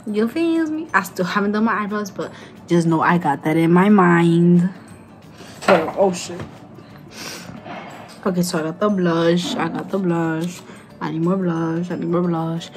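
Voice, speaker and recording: A woman's voice: fairly low pitch, a little slow, pauses often, music in the background. A tipsy young woman, rambling loosely and cursing playfully as she chats through a makeup tutorial. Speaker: beauty vlogger. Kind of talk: casual makeup tutorial chat.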